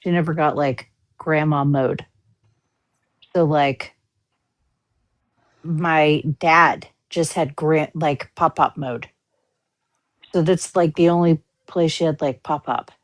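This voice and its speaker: A middle-aged woman speaking in a casual chat, halting and full of fillers. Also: deep voice, steady tone, dry recording. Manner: slow and halting, with many fillers.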